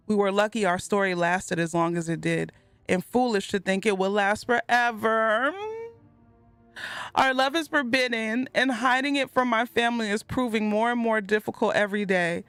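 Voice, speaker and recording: A woman hosting a gameplay video. She reads in-game letters aloud slowly and earnestly, and sometimes breaks off with giddy high-pitched exclamations. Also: a bit bright, smooth, dry recording. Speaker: gaming video host. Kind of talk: let's play commentary, reading in-game letters aloud.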